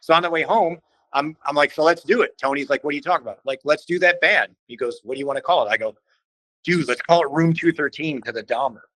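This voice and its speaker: Man with a bright, tense voice. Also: a little high, fast talker, no room sound, poor audio. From Cleveland, Ohio. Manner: animated, acts out quoted voices, swears casually. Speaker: podcast guest, band vocalist. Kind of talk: casual storytelling in conversation.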